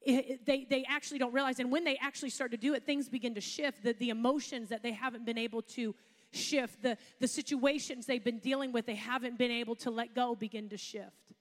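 Lady pastor preaching, kinda high voice, chatty stories, big echoey church hall. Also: fairly even intonation, brisk. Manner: chatty storytelling with laughs and asides. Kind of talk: sermon.

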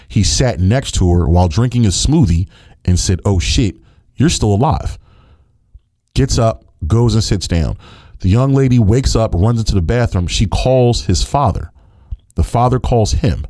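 A man's voice: dark tone, no room sound, clean studio sound. A young man hosting a podcast, giving blunt, profane opinions in a casual monologue that heats up into rants. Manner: blunt, profane, heated rants with rising pitch. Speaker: podcast host.

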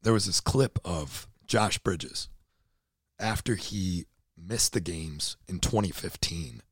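A man in his thirties with a hoarse, worn-out voice, talking in a casual, earnest and emotional way and swearing freely. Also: low-pitched, slow pace, no echo, studio quality. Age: 30s. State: hoarse, voice nearly gone. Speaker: podcast co-host, CrossFit athlete. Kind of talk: casual chat.

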